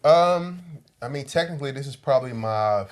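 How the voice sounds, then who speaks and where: A man's voice: medium pitch, expressive, normal speed. Laid-back man, comedian guest. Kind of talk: casual podcast chat. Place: studio.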